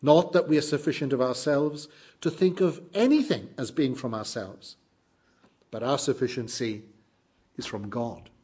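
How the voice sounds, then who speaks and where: A middle-aged man preaching a sermon, earnest and emphatic, moving between loud exclamations and hushed lines. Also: mid-range voice, expressive, moderate pace, husky.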